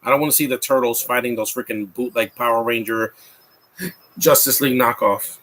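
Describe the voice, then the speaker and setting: A man's voice: mid-range voice, fairly even intonation, a little fast, a bit bright. A man in his thirties giving a rambling, mocking live commentary over a movie, with frequent restarts. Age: 30s. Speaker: film commentator.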